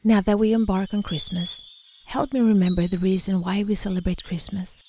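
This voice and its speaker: A woman leading a reflective guided meditation in a soft, contemplative way that sometimes drops to a whisper. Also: medium pitch.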